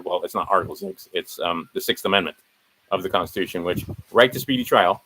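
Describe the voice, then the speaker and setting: A man's voice: lowish voice, a bit bright, low-quality recording. A man walking viewers through his documents in a casual screen-share, rambling and correcting himself as he rattles off legal citations. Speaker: video host.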